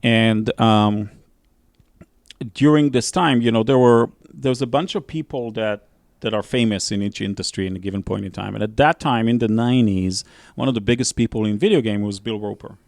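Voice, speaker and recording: A man's voice: lowish voice, normal speed, gravelly, darkish tone, no room sound, studio quality. A man, a guest author on a podcast, telling stories in a casual chat and often restarting his sentences. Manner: storytelling, restarts mid-sentence.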